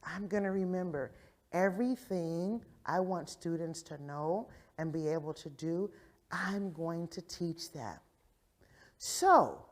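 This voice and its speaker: A woman presenting a professional development session to educators, lively, often checking in with "right?". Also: on the low side. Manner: animated, acts out quoted voices, frequent "right?" check-ins. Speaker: conference presenter on early childhood education. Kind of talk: interactive professional development talk. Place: conference session room.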